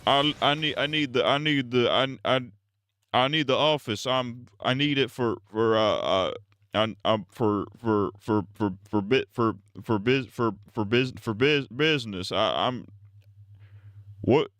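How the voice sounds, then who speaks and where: A man's voice: mid-range voice, fairly bright tone, clean tone, no echo, studio quality, lightly acted. A man putting on the voice of a rambling, confused old male politician who stutters and restarts every phrase. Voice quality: stuttering, endless halting restarts.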